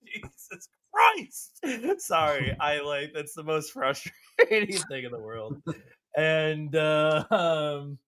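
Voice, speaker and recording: A man's voice: fairly high pitch, slow, fairly bright tone, smooth. A man in his forties, a podcast co-host, ranting profanely and animatedly in casual chat. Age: 40s.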